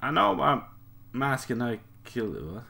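A man commenting casually on a retro game as he plays, excitable and swearing, reading the on-screen text aloud. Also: medium pitch, moderate pace, gravelly, slightly rough. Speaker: gaming channel host. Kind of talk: casual let's-play commentary.

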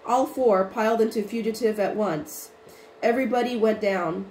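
A woman narrating a storybook chapter in an even, unhurried reading voice with small restarts. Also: medium pitch. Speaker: audiobook reader. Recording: roomy with faint noise.

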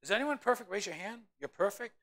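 A pastor preaching a sermon with a gravelly, bright voice that swings widely up and down. He is animated and jokes with the congregation between points, his pitch sitting a little high for a man. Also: fast talker. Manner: animated, humorous asides to the congregation.

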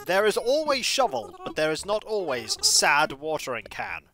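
Woman game streamer, playful and rambling, bright, animated voice. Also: sits low, normal speed, faint music behind. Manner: playful, rambling, jokey asides. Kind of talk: casual game-stream chat.

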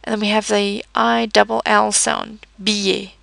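A woman teaches French pronunciation in a calm, methodical way, walking through rules step by step. Her voice sits in a middle register with a little gravelly fry at the edges. She is recorded close and dry, with no room sound at all. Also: mid-range voice, dry recording. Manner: patient, methodical, slows down to model words. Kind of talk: explanatory language lesson.

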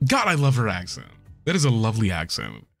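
A man streaming a game and commenting casually, excitable and profane, laughing often. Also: lowish voice, fast talker, vocal fry. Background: game music.

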